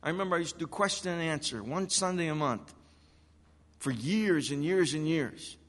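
A man's voice: fairly high pitch, normal speed, a bit bright. A man preaching a sermon, acting out the biblical quotes he reads. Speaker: pastor. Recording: long hall reverb.

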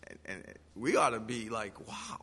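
A man's voice: high voice, very animated, a little slow, bright, forceful tone. A man preaching a sermon, acting out the biblical quotes he reads. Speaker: pastor. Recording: long hall reverb.

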